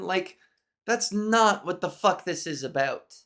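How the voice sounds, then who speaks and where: A woman hosting a solo podcast, talking frankly with a nasal voice and plenty of swearing, consciously lifting her voice higher and forward as she talks. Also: animated, normal speed. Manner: frank, profane, venting with restarts. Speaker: podcast host. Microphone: camera mic angled up from below.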